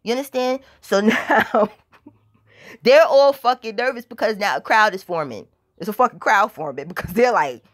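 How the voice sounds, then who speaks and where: A woman's voice: mid-range voice, expressive, normal speed. Profane New woman telling a story. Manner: profane, emphatic, keeps asking "you understand?". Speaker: vlogger. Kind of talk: casual storytime.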